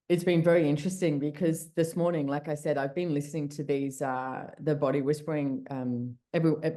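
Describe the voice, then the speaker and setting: A woman's voice: low-pitched, warm tone. A woman talking candidly on a video call, chatty, with restarts and the odd swear word. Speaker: podcast host and guest speaker. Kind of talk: casual call conversation.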